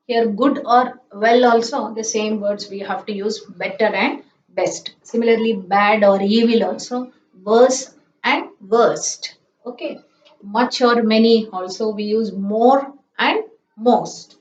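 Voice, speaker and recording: A woman teaching a grammar lesson, spelling out letters and drilling word forms. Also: a little high. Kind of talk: slow classroom-style grammar lesson. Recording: echoey room, distant mic, dull sound, faint hiss.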